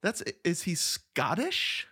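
Male co-host, a bit high in pitch, easygoing and jokey, thinks out loud. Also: huge pitch swings, slow, husky. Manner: joking, easygoing, thinks aloud with restarts. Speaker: podcast co-host. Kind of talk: casual chat about a film.

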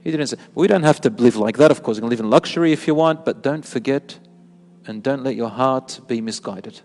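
A man giving an animated sermon who repeats words for emphasis and mixes in Arabic phrases. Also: medium pitch, a little fast, long reverb tail. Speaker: Islamic preacher. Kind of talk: sermon with storytelling.

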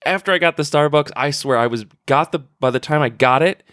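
A man's voice: a little high, a little fast, a bit bright, dry recording, clean studio sound. A man hosting a podcast, chatting casually and rambling with laughs and swearing. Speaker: podcast host. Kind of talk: casual chat. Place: convention floor.

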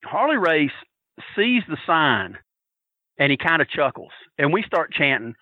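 A man telling a story on a podcast, loud and profane, acting out the shouts of the crowd with laughter. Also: a little high, very animated, unhurried, no echo, phone-quality sound. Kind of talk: animated storytelling.

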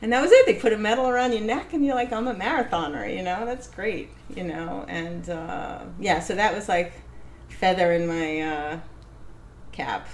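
A woman being interviewed, telling a personal story in a casual, animated way, laughing often and acting out what others said. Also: fairly low pitch, moderate pace, slight background noise. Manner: animated, laughs often, acts out quoted voices. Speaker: interview guest.

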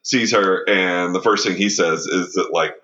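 A man co-host talks about a film with eager enthusiasm and frequent laughter. His voice is low yet bright and forceful, and the recording sounds muffled and lo-fi. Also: fairly even intonation, a little slow. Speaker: podcast co-host. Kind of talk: casual film discussion chat. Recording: dull lo-fi sound.

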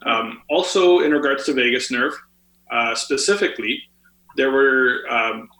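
Male podcast guest, bright voice, roomy echo, chatty explainer with fillers. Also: mid-range voice, unhurried. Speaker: guest health author. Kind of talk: podcast interview, explaining health tips.

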